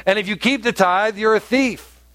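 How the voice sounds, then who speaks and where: A man preaching a sermon as pastor, animated and rising to emphatic peaks. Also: sits high, moderate pace, no echo.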